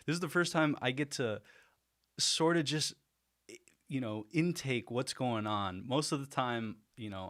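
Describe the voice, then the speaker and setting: A man hosting a casual livestream, excited and rambling, laughing often between thoughts. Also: medium pitch. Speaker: livestream host.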